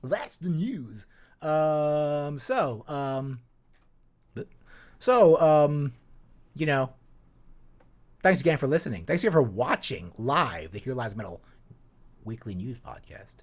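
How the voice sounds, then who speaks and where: A man's voice: medium pitch, expressive, slow, long pauses. A man hosting a podcast in a casual, rambling chat, with many restarts and fillers. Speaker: podcast host.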